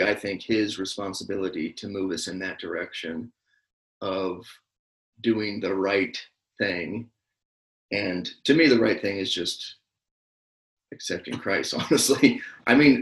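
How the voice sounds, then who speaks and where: A man's voice: lowish voice, echoey room, low-quality recording. A man co-hosting a casual faith podcast, speaking in an earnest, reassuring and plainspoken way. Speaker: podcast co-host.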